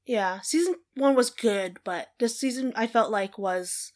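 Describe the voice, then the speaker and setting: A young woman co-hosting a podcast, chatting casually, animated and quick to laugh and swear. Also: on the high side. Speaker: podcast co-host. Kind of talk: casual chat.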